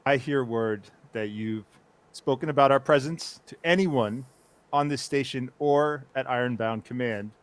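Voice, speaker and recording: A man's voice: medium pitch, measured pace, close to an everyday voice. A man playing a stern military officer who gives curt commands.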